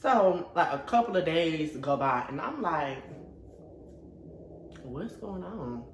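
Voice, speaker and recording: A young man vlogging, telling a story in a casual way, acting out quotes with dramatic swings into a high voice. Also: animated, slow, reverberant, background noise.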